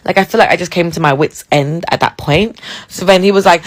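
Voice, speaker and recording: A woman from England telling a dating story in a casual, animated way, laughing and swearing. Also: lowish voice, fast.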